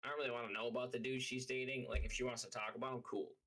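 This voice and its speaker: A man vents on a live stream in a bright, sharp voice. He tells his story as a profane rant full of filler words, with a middling pitch. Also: little pitch movement, very fast, rough recording. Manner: heated, profane venting with many fillers. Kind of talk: casual livestream rant.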